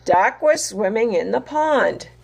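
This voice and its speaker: A woman reading a picture book aloud to children as their teacher, animated and pointing out the pictures as she goes. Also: a little high, slow, gravelly, husky.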